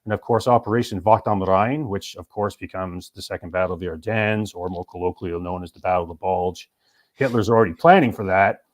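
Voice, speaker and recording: Low-voiced man lecturing on military history. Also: a little fast. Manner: detailed, explanatory lecturing to the host. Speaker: military historian and urban operations instructor. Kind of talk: guest giving an illustrated history presentation.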